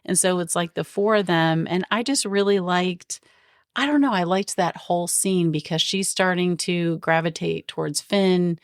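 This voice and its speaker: A woman's voice: on the low side, normal speed, clear, resonant tone. A woman co-hosting a casual movie review podcast, chatting and laughing often as she retells scenes. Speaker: podcast co-host.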